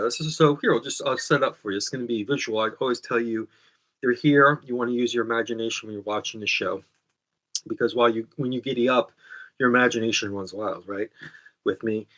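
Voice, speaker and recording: A man's voice: medium pitch, fairly bright tone. A man hosting his own comedy show, talking in a rambling, self-correcting monologue that keeps getting sidetracked. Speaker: host.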